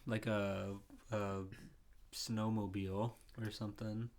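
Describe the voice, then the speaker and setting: A man's voice: on the low side, little pitch movement, takes it slowly, a little mellow, a little hiss or hum. A man co-hosting a podcast in casual chat, making wry teasing remarks and laughing. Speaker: podcast co-host.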